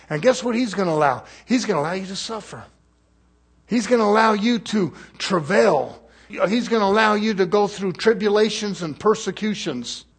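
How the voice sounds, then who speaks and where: A man delivering a fiery sermon with a high, husky voice. He scolds and exhorts, dropping from loud preaching into low muttered asides.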